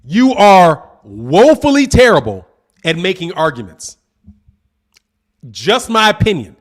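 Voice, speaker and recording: High, lively, trash-talking man. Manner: combative, mocking, trash-talking. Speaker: boxing channel host. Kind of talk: live-stream commentary reading super chats.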